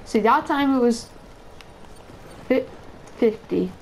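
A man giving excitable, chatty commentary over his own gameplay for viewers. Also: extremely high pitch, slow pace, gravelly, slight background noise, rough recording. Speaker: gaming video creator. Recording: game sounds loud under voice. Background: gunfire and game announcer.

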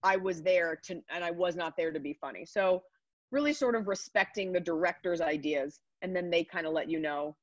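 A woman in her thirties, a comedian, chatting upbeat and quick in an interview over a video call. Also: fairly low pitch, no room sound. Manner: chatty, upbeat, rapid asides. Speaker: comedian guest. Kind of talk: casual interview answers. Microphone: computer mic on a video call. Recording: dry, dull video call audio.

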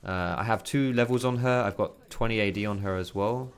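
Low-voiced man talking through his game. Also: fairly quick, clear, resonant tone. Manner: chatty, loose, swears freely. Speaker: gaming commentator. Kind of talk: casual gameplay commentary. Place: bedroom at home. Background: keyboard and mouse clicks.

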